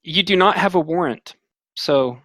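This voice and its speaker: A man's voice: fairly high pitch, a little slow, sharp tone, no room sound. A man running a tabletop game as game master, explaining the rules plainly and easily.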